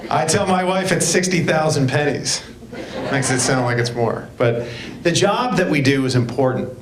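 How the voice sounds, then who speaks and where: A man's voice: animated, normal speed. A man, a state representative giving a folksy, joking speech at a public meeting. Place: school board meeting room. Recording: echoey room, faint rumble.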